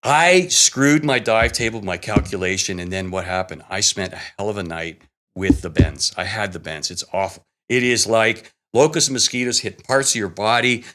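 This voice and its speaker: A man, a guest, telling a story in a casual, animated way, often laughing and acting out what people said. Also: fairly low pitch, moderate pace. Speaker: guest cameraman telling stories.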